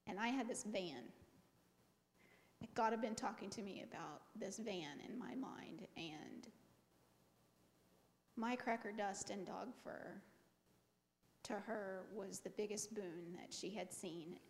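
A middle-aged woman giving a personal testimony to a congregation with lively, expressive storytelling. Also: mid-range voice, slow, long pauses, slight background noise. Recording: long reverb of a large hall.

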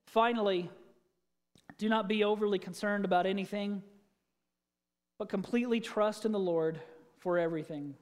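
Preacher, conversational sermon, mid-pitched voice, long hall reverb, church sanctuary. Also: normal speed, pauses often. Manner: conversational, asks the congregation questions. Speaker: pastor.

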